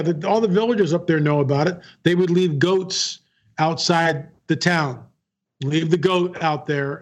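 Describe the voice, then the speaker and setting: A man, a guest filmmaker, telling a story in an interview, earnest and repeating key phrases. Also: a little high. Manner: earnest, repeats phrases, acts out quoted dialogue.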